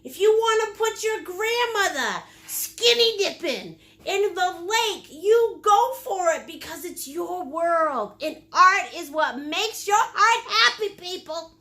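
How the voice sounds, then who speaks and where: A woman's voice: very high-pitched, sing-song, slow pace, hardly any pauses, sharp tone. A woman hosting a live paint-along class, bubbly and silly, greeting viewers by name and teasing playfully. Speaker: painting instructor and host.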